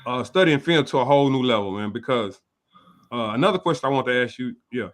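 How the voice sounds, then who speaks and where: A man hosting a casual sports interview, laid-back and full of slang as he gives advice. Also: medium pitch. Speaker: host.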